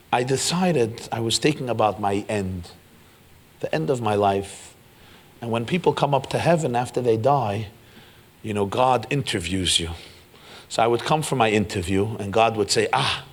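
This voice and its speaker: A man giving a storytelling sermon as keynote speaker, acting out the dialogue of the people in his tale and building to loud peaks. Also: mid-range voice. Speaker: rabbi giving a keynote address. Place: large hotel event hall.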